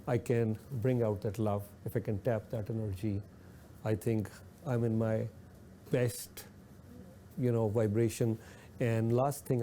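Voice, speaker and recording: A man's voice: fairly low pitch, mellow, a little hiss or hum. A man hosting a radio talk show, speaking earnestly and repeating points for emphasis. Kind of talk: reflective talk radio discussion.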